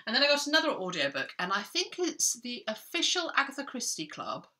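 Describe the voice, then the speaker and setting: A woman's voice: a little high, very animated, fairly quick, pushed and bright. A middle-aged woman, chatting casually about her reading in a rambling, self-interrupting way. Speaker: book vlogger. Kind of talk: chatty book vlog.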